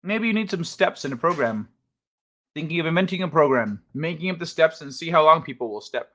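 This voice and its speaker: Talking briskly on a casual live-chat stream, this man responds to viewers with easygoing swearing and frequent laughter. His animated voice sits slightly high for a male and moves up and down a lot.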